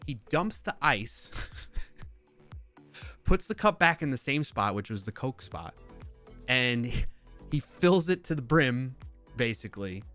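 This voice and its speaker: A man hosting a live stream, telling a story in a casual, rambling way with lots of fillers and self-corrections, sounding baffled and animated. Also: medium pitch, slow, pauses often, faint music behind. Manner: incredulous, animated retelling.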